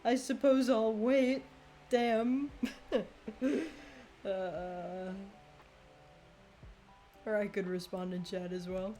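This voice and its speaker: A young woman streaming a game live, chatting casually, laughing often and reacting loudly to what happens on screen. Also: mid-range voice, steady tone, very slow, pauses often, faint music behind. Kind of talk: casual gameplay commentary.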